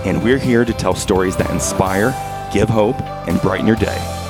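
A man's voice: lowish voice, moderate pace, music in the background. A middle-aged man co-hosting a podcast, upbeat and laughing often. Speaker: podcast co-host. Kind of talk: podcast chat.

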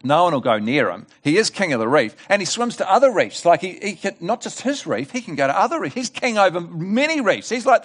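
A middle-aged man preaches at a church service in a lively voice that swings high and low. He sits a little high for a man and tells a joke as an animated storyteller, full of asides and restarts. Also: fast talker, few pauses. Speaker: guest preacher. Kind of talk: sermon with a told joke.

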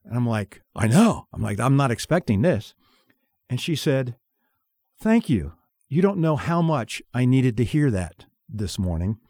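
A man's voice: mid-range voice, very animated, a little slow, warm tone, no room sound, studio quality. A man hosting a radio show, telling a personal story in casual chat and acting out the dialogue.

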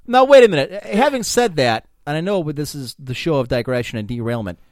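A man's voice: a little high, expressive, fairly quick, noisy background. A man hosting a podcast, telling rambling, profane stories in casual chat. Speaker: podcast host.

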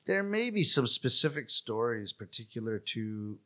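A man with a Canadian accent, a comic storyteller talking in an interview, lively and self-deprecating. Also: medium pitch, moderate pace. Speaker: rakugo performer. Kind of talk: conversational interview.

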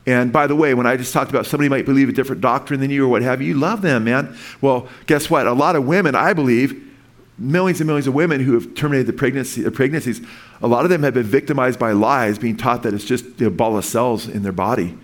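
A man's voice: medium pitch, quick pace. A man preaching a sermon in an earnest, rambling way, with frequent restarts and asides to his listeners. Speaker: pastor.

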